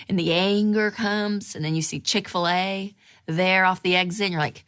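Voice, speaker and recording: A woman in her thirties hosting a show, talking casually to camera in an animated way, acting out inner voices with big jumps in pitch. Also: moderate pace. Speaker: show host.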